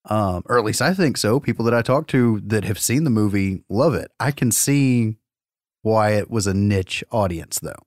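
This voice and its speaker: A man co-hosting a podcast, chatting casually about films in a laid-back, measured way. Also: lowish voice, expressive, darkish tone, dry recording, studio quality. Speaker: podcast co-host. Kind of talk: casual movie chat.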